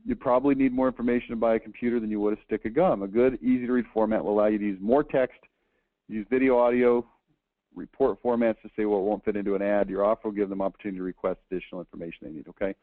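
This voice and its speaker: A man's voice: on the low side, steady tone, rapid-fire, no echo. A man giving a conversational slide lecture, tagging his points with "okay?" and restarting words as he talks. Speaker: presenter reviewing a book. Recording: dry, phone-like lo-fi audio.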